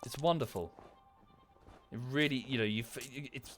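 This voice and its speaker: A man's voice: mid-range voice, normal speed, fairly bright tone, faint music behind. A man with a British accent chatting casually on a livestream while playing a game, rambling with enthusiasm and swearing freely. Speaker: streamer.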